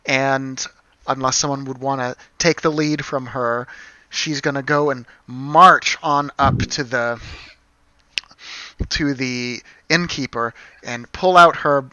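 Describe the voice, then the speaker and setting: Slow, bright-voiced male game master. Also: medium pitch, fairly even intonation, no room sound, lo-fi sound. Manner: unhurried, with many ums. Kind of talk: narrating a tabletop game.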